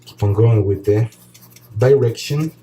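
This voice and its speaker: A man calmly explaining a painting tutorial step by step as he works, pausing often with short fillers. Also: on the low side, a little hiss or hum, rough recording. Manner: calm, relaxed explaining while painting, with pauses and fillers. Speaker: art teacher.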